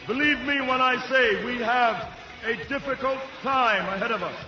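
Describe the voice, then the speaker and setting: An actor playing a defiant male resistance leader giving a solemn rallying speech that builds to shouts. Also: extremely high pitch, normal speed, exaggerated voice. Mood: rousing. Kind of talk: rousing film speech. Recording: dull roomy film audio over loud score.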